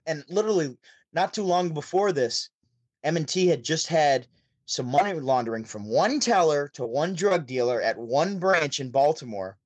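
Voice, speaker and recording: A man from Syracuse, New York, telling stories as a podcast guest over a remote call, chatty and animated. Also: a little high, moderate pace, dry recording. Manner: chatty, animated, with frequent restarts. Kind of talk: casual storytelling.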